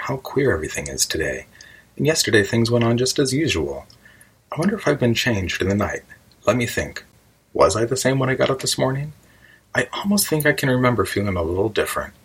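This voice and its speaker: A man's voice: lowish voice, big pitch swings, a little fast, fairly bright tone, breathy edge, heavily acted, poor audio. A man voicing a curious, puzzled young girl who frets and wonders aloud in an audiobook reading. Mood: fretful. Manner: wondering, fretful musing aloud.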